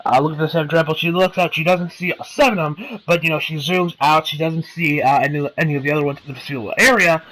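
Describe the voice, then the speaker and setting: A man's voice: on the high side, pushed and bright, rough recording. A man casually recapping an anime episode, rambling with many fillers and laughs, and briefly putting on the characters' voices. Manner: acts out character lines in quick impressions. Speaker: anime reviewer.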